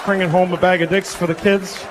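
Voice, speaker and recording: A middle-aged man performing stand-up comedy on stage, telling stories in an animated, incredulous way. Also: sits high, brisk, a crowd in the background. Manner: animated, incredulous storytelling with swearing. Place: comedy stage before a live audience. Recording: live stage recording with background noise.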